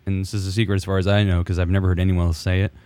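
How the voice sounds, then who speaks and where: A man in his fifties, a musician guest telling stories in a relaxed way, with many fillers. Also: sits low, very fast, no room sound. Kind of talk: casual studio interview. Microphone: studio mic.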